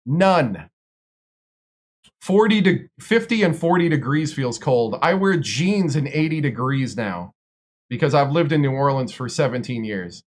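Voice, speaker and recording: A man's voice: mid-range voice, animated, a little slow. A man from Wisconsin, a streamer, telling long stories in casual chat with lots of fillers and restarts. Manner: rambling, filler-heavy storytelling.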